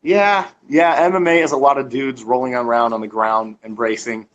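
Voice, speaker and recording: A man co-hosting a casual chat, speaking slowly and bluntly with halting restarts. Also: mid-range voice, fairly even intonation, fairly bright tone, highs cut off. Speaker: co-host.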